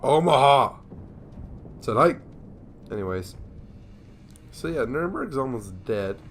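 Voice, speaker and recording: A man's voice: medium pitch, very animated, unhurried, a bit bright. A young man giving casual, rambling commentary over a naval war game, sleepy and yawning, joking at himself. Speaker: gameplay commentator.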